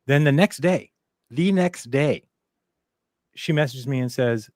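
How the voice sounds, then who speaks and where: A man talking quickly in a loose, rambling way, acting out other people's lines as he tells a story. He swears freely, and his voice sounds dry and close, with no room around it. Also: mid-range voice, expressive, a little mellow, no room sound. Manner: rambling storyteller who acts out quoted dialogue, swears freely. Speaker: podcast guest. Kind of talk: casual conversation.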